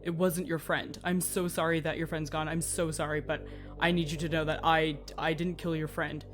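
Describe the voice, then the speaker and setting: A woman's voice: low-pitched, little pitch movement, normal speed, faint music behind, close to an everyday voice. A woman playing an earnest adventurer who consoles a friend, repeating herself apologetically. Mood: consoling.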